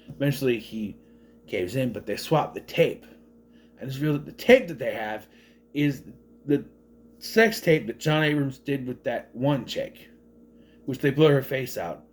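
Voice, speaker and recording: A man's voice: mid-range voice, normal speed. A man from southern Minnesota giving a casual, rambling movie review with joking asides.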